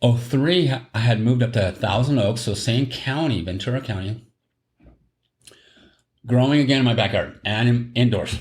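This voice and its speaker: A middle-aged man, telling a long story on a podcast, rambling and correcting himself and laughing at his own tale. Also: mid-range voice. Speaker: podcast host. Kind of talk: casual storytelling chat. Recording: roomy echo.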